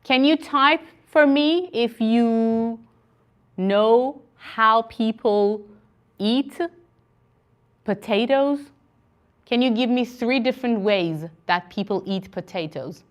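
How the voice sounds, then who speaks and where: A woman teaching an online English conversation class, encouraging and repeating words slowly for learners over a video call. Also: on the high side.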